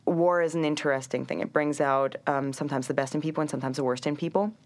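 An American woman with a notably low, deep voice for a woman speaks as a guest on a chat show. She talks casually in the manner of an easygoing storyteller. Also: fairly even intonation, quick pace, a little mellow. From United States. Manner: chatty storyteller.

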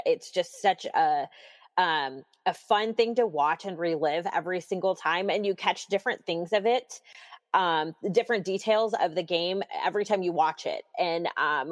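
A woman co-hosting a casual sports podcast, chatting as an excited fan with plenty of fillers. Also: fairly low pitch, long reverb tail. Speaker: podcast co-host.

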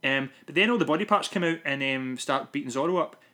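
A man co-hosting a podcast, chatting casually about a film in a rambling, animated way. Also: on the high side, fast talker. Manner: rambling, animated, lots of restarts. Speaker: podcast co-host. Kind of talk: casual film review chat.

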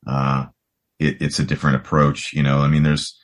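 Deep low man, forties, rambling podcast chat, lots of fillers. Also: completely flat delivery, normal speed. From United States. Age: 40s. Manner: rambling, full of "you know" and restarts. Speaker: guest rock guitarist. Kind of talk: casual podcast conversation.

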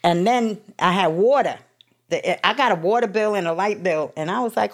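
A woman's voice: medium pitch, moderate pace. A woman from New York telling her recovery story to an audience in a blunt, profane, emotional way. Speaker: recovery speaker. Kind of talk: candid personal recovery story.

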